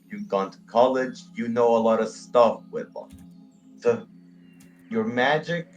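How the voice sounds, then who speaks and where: A man playing a tabletop game, talking slowly and hesitantly with many fillers. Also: fairly low pitch, highs cut off. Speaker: player.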